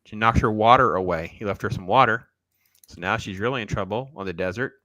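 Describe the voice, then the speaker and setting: A man's voice: fairly low pitch, quick pace, sharp tone, no echo. A man hosting a casual reaction stream, riffing sarcastically and talking straight to his viewers. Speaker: show host.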